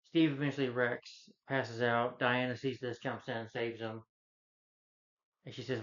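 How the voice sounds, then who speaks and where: A male movie reviewer gives a casual spoken review, rambling, repeating himself, and frequently restarting as he recaps the plot. His mid-range voice is fairly even in intonation at a moderate pace, on a slightly dull, lo-fi recording.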